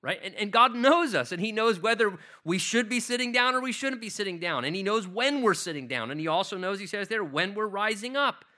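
A male pastor with a high, bright, forceful voice preaches through a scripture passage. He draws out the verses with slow, heavy stress, then turns conversational and puts rhetorical questions to his listeners. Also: animated. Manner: emphatic, reads scripture slowly with stress. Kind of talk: expository sermon.

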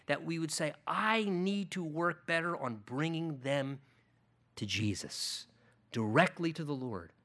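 Middle-aged guy preaching, high bright voice that jumps all over, goes loud then real quiet. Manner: expressive preaching, swings between emphatic and hushed. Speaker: pastor. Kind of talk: sermon.

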